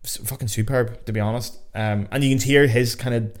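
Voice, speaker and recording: A man with a Northern Irish accent hosting a casual solo podcast, chatty and excitable, swearing freely as he talks. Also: mid-range voice, brisk. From Northern Ireland. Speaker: podcast host. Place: home.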